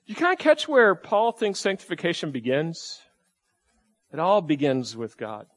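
A man delivering a sermon from the pulpit, easygoing and folksy, with self-deprecating asides. His voice sits a little higher than most men's. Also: huge pitch swings, measured pace. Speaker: pastor.

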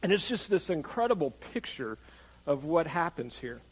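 A man's voice: fairly high pitch, very animated, normal speed, breathy edge, rough recording. Conversational male preacher. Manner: conversational, repeats phrases, chuckles often. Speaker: pastor. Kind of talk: sermon.

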